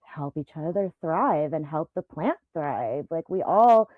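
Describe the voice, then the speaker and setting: A woman in her forties, a podcast guest, telling stories in an animated way and laughing often. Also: deep voice, measured pace, dry recording. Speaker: guest, event business founder. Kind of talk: casual podcast conversation. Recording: tinny phone-like remote line.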